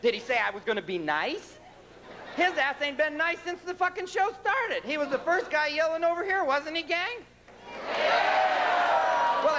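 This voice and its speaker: A man doing a stand-up comedy set, talking brashly and ranting with profanity in front of a live audience in a large concert venue. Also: very high-pitched. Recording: live concert tape with crowd noise. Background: laughing crowd.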